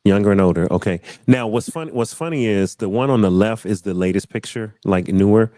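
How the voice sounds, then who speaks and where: A man's voice: lowish voice, fairly quick, dark tone, dry recording. A man hosting a casual panel chat, loose and repetitive, often calling out to the group. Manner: loose, repeats phrases, says y'all. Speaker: host.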